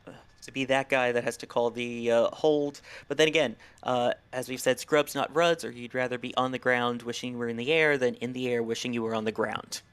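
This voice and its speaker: A man giving live launch commentary in a measured, informative way, with a few fillers. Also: mid-range voice, steady tone, a bit bright, smooth.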